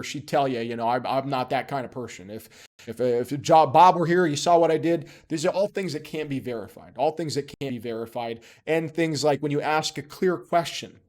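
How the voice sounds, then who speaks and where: An instructor gives a casual, chatty lesson in a medium-pitched, slightly mellow voice at a moderate pace. He's emphatic, frequently checks in with "okay?", and slips in joking asides.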